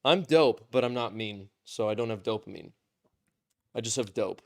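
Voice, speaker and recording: A man's voice: on the low side, moderate pace, vocal fry. A man in his twenties, hosting a podcast, chatting casually with a rambling, self-mocking way of talking and frequent swearing. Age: 20s. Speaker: podcast host.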